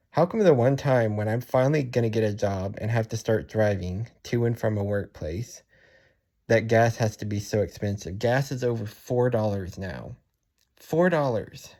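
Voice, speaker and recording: A young adult man vents in a personal vlog, sounding frustrated and worn down. He sighs often and restarts sentences, speaking in a halting, repetitive way. His voice is lowish and warm.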